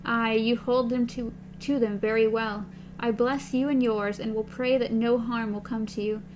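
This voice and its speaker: A woman reading a novel aloud with a partner, giving the characters' lines in a soft, slow voice. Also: fairly high pitch, steady tone, slight background noise, low-quality recording. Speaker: reader.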